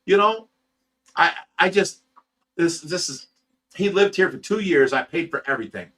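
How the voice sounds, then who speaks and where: A man's voice: a little high, lively intonation, moderate pace, a bit bright. A man who runs a fish rescue, telling a story on a livestream in a heated, profane way and stammering over repeated words. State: sleep-deprived.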